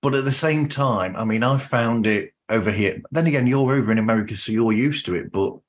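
A man's voice: medium pitch, brisk. A man from the north of England with a Northern English accent, hosting a podcast interview in an easygoing, chatty way. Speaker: podcast host. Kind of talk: casual interview chat.

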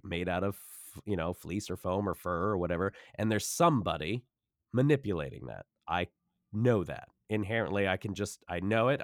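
A man's voice: lowish voice, no room sound, studio quality. A man in his forties, a puppeteer, telling a story in casual chat and acting out the voices of others. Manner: animated storyteller who acts out voices. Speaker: puppeteer and voice narrator.

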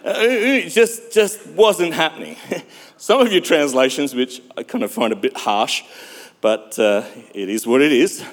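A male pastor preaching a sermon, emphatic, with dramatic pauses and sudden loud swells. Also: fairly high pitch. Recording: long hall reverb.

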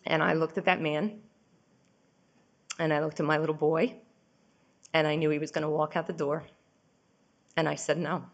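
Low-voiced woman, raw and candid. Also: flat delivery, normal speed, pauses often, lo-fi sound. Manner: raw, candid, shifting between urgent and hushed. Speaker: speaker sharing her recovery story. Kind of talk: personal recovery testimony.

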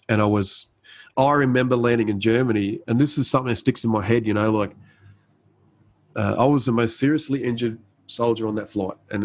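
A man in his thirties, an army medic appearing as a guest, tells a story in a laid-back, conversational way. His voice sits on the low side and the audio is poor. He uses lots of fillers and restarts and acts out the quoted dialogue.

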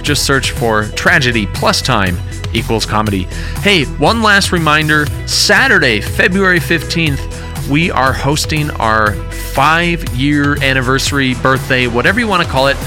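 A male podcast host from the giving casual, rambling announcements at the end of an episode. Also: a little high. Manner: friendly, rambling, uses fillers.

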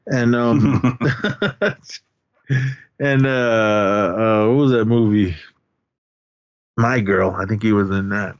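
A man with a fairly low voice casually recaps a movie as a podcast host. He rambles, stops himself, and restarts often. The recording sounds dull and dry. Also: fairly even intonation, slow pace, long pauses, smooth, no room sound. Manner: rambling, many restarts and fillers.

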